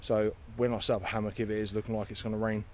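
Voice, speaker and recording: A man casually explaining a camp setup outdoors in the woods, chatty and relaxed, with frequent fillers. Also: lowish voice, rapid-fire, noisy background. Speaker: outdoor channel host.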